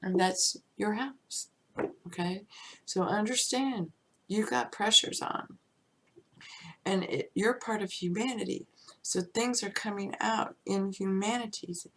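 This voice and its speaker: A woman giving an unscripted spiritual teaching, musing and drifting into soft whispers and chuckles. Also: medium pitch, slow, slightly rough.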